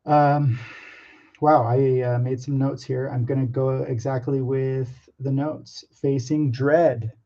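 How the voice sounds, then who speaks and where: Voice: mid-range voice, level tone, takes it slowly, mellow, dull audio. An artist talking casually to camera about drawing, hesitant and nervous, with many ums and restarts and some self-mocking asides.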